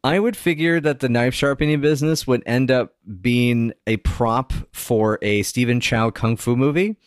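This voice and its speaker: A man's voice: medium pitch, normal speed, dry recording. Rambling man podcast co-host, dry sound. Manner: rambling, goofy, self-interrupting. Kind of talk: casual podcast chat.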